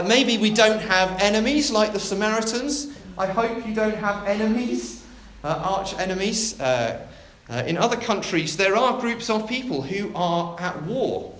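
A man, a church minister preaching a sermon with an expressive, dramatic delivery and long pauses. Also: sits high, reverberant, a little hiss or hum.

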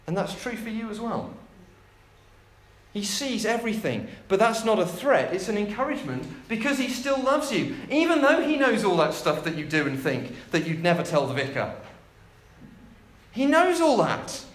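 Preacher, man, jokey storyteller, lively high voice, roomy church sound. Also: normal speed. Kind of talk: sermon.

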